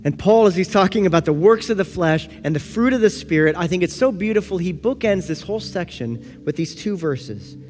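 A man preaching a sermon as pastor, earnest, moving between soft slow passages and lively, louder ones. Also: sits high, faint music behind. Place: church sanctuary.

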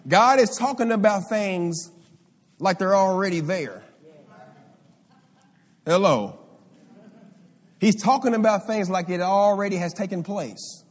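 A man's voice: high voice, slow, pauses often. A male pastor preaching a sermon, calling out for responses from the congregation. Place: church sanctuary. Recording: live hall reverb.

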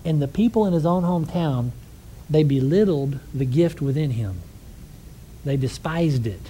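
A man's voice: a little high, expressive, normal speed, mellow, slight background noise, rough recording. Man preaching a story-sermon. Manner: conversational storytelling, acts out quoted voices. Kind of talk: sermon with storytelling and closing prayer.

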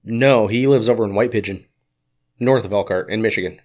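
A man with a lowish voice, talking in a dry, teasing way and swearing as he goes. He's a podcast co-host in relaxed casual chat with a glass of whiskey. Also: fairly quick. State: drinking whiskey.

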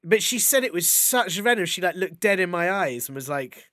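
A male comedian telling anecdotes in casual chat, animated and laughing as he goes. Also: high-pitched, normal speed, dry recording, clean studio sound. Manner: animated storyteller, laughs mid-sentence. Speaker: comedian guest.

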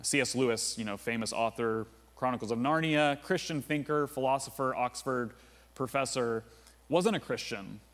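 A man's voice: medium pitch, moderate pace, a bit bright. Guy preaching a sermon, chatty, lots of likes and uhs, echoey church hall. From United States. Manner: conversational, with frequent "like" and "uh" fillers. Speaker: pastor. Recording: long reverb of a large room.

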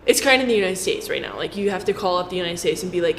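A woman's voice: on the low side, expressive, racing, hardly any pauses, a bit bright. A woman giving a casual, chatty explainer to camera, with jokey asides. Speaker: finance commentator. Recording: roomy echo with faint background noise.

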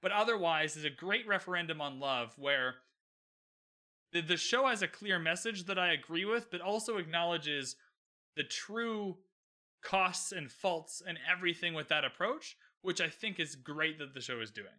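A man in his twenties hosting a solo podcast recap, talking animatedly with many restarts and "like" fillers and acting out characters' lines. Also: on the high side. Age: 20s. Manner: animated, acts out characters' lines in quick bits. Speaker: podcast host.

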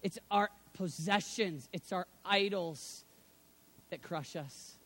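High bright-voiced guy preaching, goes from quiet to shouting. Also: slow pace. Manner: dynamic, swings from hushed to shouting. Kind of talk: sermon.

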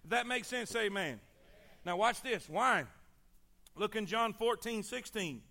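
With a very high, bright voice, a man preaches a sermon in a pastor's manner, speaking a little slowly. He repeats his points emphatically and calls on the congregation to respond.

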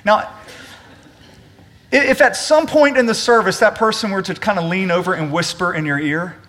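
Man, pastor, church sermon, earnest, emphatic, slightly raised pitch, talks to the congregation. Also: normal speed, a bit bright. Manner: earnest, emphatic, repeats words when stressing a point; addresses the congregation directly. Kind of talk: sermon with scripture reading and prayer. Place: church service.

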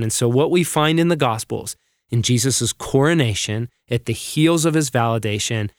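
A man leads a reflective Bible teaching on a podcast, reading passages aloud slowly and earnestly. His voice sits at an ordinary middle pitch. The sound is dry and close to the mic. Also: dry recording. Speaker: podcast co-host.

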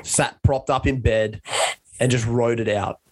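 A man's voice: mid-range voice, steady tone, unhurried, darkish tone, dry recording. A young man casually telling a rambling, self-mocking story in a chat with a friend.

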